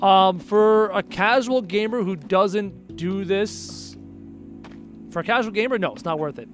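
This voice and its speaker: A high-voiced man with a Canadian accent speaks at a measured pace over soft background music. During his game stream he chats casually and sarcastically, answering viewers' comments out loud.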